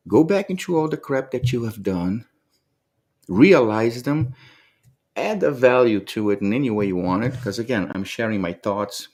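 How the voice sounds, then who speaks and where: A man's voice: medium pitch, a little mellow, husky. A man giving a heartfelt, reflective motivational monologue to the camera, speaking earnestly and often repeating words as he gathers his thoughts. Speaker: motivational vlogger.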